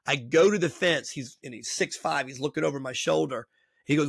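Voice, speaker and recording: A man's voice: on the high side, quick pace, gravelly, no echo, clean studio sound. A middle-aged man hosting a podcast, a baseball coach telling stories in casual chat and acting out the voices of people he quotes. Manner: animated storyteller acting out quoted dialogue. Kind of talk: storytelling in casual interview chat.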